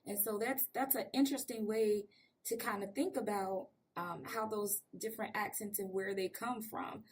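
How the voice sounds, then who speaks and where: A woman's voice: medium pitch, fairly even intonation, moderate pace. An American woman hosting an interview podcast, chatting in a rambling way and laughing often. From United States. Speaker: podcast host. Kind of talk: casual interview chat. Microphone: remote call on video.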